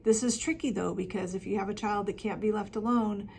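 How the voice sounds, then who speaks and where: Gravelly-voiced woman giving parenting advice. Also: mid-range voice, steady tone, fairly quick, slight background noise. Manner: warm practical advice, frequent ums and self-corrections. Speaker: parenting coach. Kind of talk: talking-head advice video.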